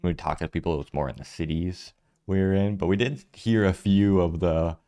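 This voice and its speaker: A man co-hosting a reaction video, talking in a relaxed, halting way with many fillers. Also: deep voice. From United States. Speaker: reaction channel co-host. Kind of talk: casual reaction chat.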